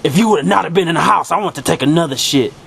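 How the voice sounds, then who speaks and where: A man's voice: on the high side, racing, vocal fry, fairly bright tone, a little hiss or hum, low-quality recording. A young man playing a boastful, crude young killer who tells his story as a comic confession monologue. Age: young adult. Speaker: student actor in a parody sketch.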